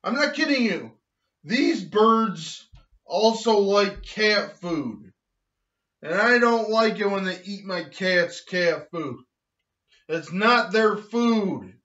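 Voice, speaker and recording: A man delivering a loud, angry comedic rant, with slow drawn-out shouted outbursts. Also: high voice, lively intonation. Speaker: comedic vlogger ranting to camera. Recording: dull lo-fi recording.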